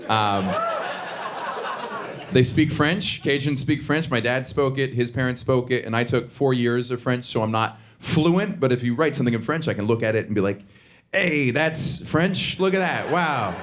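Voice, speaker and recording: A young man from the Southern United States doing stand-up comedy, quick and animated, dropping into put-on voices for bits. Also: medium pitch. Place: theater stage before a laughing audience. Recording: live show with clear audience noise.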